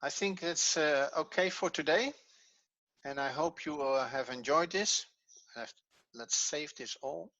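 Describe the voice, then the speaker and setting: A man's voice: on the high side, measured pace, pushed and bright, dry recording, dull audio. A man teaching an evening language class, patiently explaining step by step and thinking aloud as he works. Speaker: Hebrew teacher.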